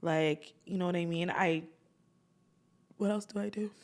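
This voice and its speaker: A woman's voice: on the low side, unhurried. A young woman co-hosting a podcast, talking casually and easily, often laughing and chiming in. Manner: relaxed, laughs and chimes in. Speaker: podcast co-host. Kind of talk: casual chat. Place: indoors, podcast recording.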